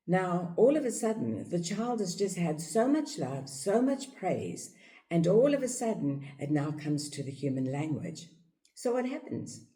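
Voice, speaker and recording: A woman with a South African accent giving a reflective teaching talk on life outlook, repeating phrases for emphasis. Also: a little slow. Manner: acts out parents' voices in a high, excited tone. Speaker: yoga teacher and speaker.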